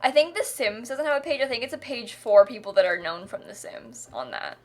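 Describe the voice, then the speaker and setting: A fairly high-pitched woman chats on a livestream, giggly and rambling, breaking into laughter often. Soft music plays faintly behind her. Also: animated, fairly quick. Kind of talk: casual livestream chat.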